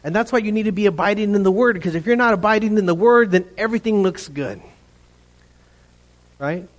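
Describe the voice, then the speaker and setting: A middle-aged man preaching a lively sermon to his congregation, animated and playful, often mimicking voices. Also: sits high, brisk. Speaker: pastor.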